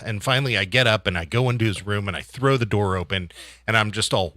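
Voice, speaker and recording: A man's voice: lowish voice, fast, dry recording. A man hosting a radio show, chatting casually and telling stories with easy laughs. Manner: relaxed storyteller, easy laughs.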